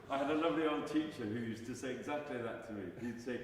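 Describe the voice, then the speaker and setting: A man coaching a singer in a masterclass, animated and jokey, often restarting his sentences and singing short examples. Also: medium pitch, fast talker, few pauses, noisy background. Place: large recital hall. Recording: echoey hall from far off.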